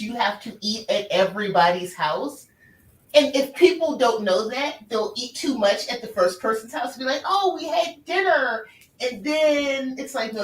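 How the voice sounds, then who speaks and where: Her voice a little high, a Southern American woman chats on a stream, lively and expressive, laughing a lot. The mic is distant, leaving her off-mic in an echoey room.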